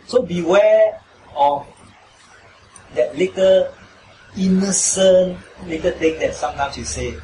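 Male pastor, pitched a bit high, emphatic sermon; roomy hall, distant noisy mic. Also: takes it slowly, long pauses. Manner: emphatic, repetitive, asks listeners "right?". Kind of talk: sermon and closing prayer.

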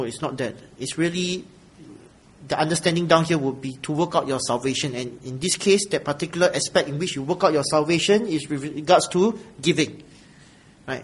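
A man delivers a sermon, lively and expressive. His voice sits high and has a husky grain. He swings from loud emphasis to quiet asides. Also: rough recording. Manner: animated, acts out grudging givers in a whiny voice, then drops quiet. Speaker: pastor.

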